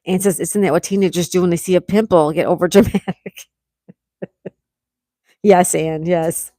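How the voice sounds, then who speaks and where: A middle-aged woman hosting a casual livestream, reading viewers' comments aloud and chatting back warmly. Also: fairly low pitch, fairly even intonation, normal speed, dry recording, clean studio sound. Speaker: livestream host reading chat. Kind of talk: casual live chat.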